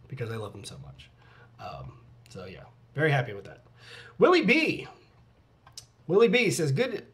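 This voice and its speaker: A middle-aged man casually answering fan questions in a vlog, candid and relaxed, with mock-dramatic asides and casual swearing. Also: medium pitch. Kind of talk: casual chat, reading out comments.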